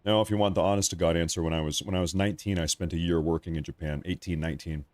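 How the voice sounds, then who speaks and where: Low-voiced man hosting a live stream. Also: steady tone, very fast, darkish tone, no echo. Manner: rambling, repeats himself, conversational. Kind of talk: casual live commentary.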